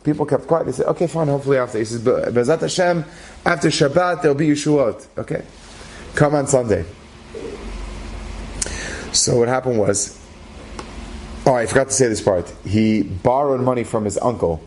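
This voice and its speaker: Animated storytelling rabbi, faint hiss. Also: male voice, mid-range voice, moderate pace, pauses often. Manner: animated, acts out the characters' voices. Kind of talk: storytelling talk.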